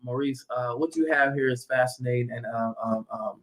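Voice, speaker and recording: A man doing an impression of a smooth, halting male politician who hesitates with uh and um. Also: medium pitch, steady tone, a bit bright, pitched below the performer's own voice, natural voice. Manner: hesitant, full of uh and um.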